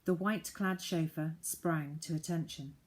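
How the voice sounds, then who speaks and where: Woman audiobook narrator; measured, deliberate storybook reading. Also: low-pitched, fairly even intonation.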